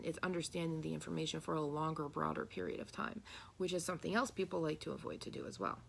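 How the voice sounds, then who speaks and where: A woman gives a spiritual channeling talk, reading tarot and relaying messages earnestly, asking listeners rhetorical questions and acting out quoted voices. Her voice is on the low side and creaky, with a little hiss or hum.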